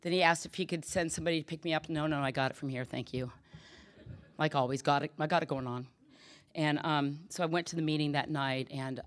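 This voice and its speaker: Candid woman sharing her recovery story. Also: low-pitched. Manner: candid, emotional, self-deprecating with bursts of laughter. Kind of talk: personal testimony talk.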